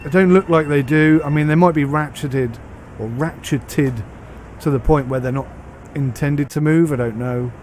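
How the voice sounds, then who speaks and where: A man's voice: fairly high pitch, fairly even intonation, brisk, few pauses, darkish tone, slight background noise. A British man giving a casual, rambling commentary on a train game as he plays, thinking aloud. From United Kingdom. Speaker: game reviewer.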